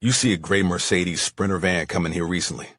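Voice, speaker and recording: A man's voice: deep voice, steady tone, brisk, a bit bright, no echo, clean studio sound, pitched below the performer's own voice. A man voicing a blunt, terse male detective partner in an audiobook. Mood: urgent.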